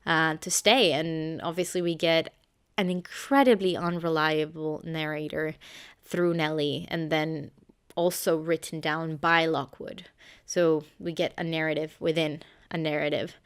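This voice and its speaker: Low, smooth-voiced woman reviewing a novel. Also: fairly even intonation. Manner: measured, reading from a script. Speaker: book reviewer. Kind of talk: scripted book review.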